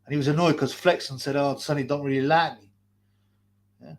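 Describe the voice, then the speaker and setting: A masked man streams live from a hot basement, his voice on the high side and steady as he talks fairly quickly. The commentary is a profane rant, full of crude jabs at people and interrupted by laughter.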